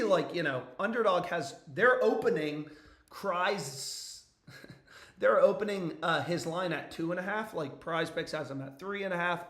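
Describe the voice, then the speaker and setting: Young man, hoarse, voice nearly gone, slightly high pitch, casual profane stream chat, echoey room. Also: fairly bright tone. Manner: loose and profane, frequent "bro" and "dude" asides. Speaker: sports betting streamer.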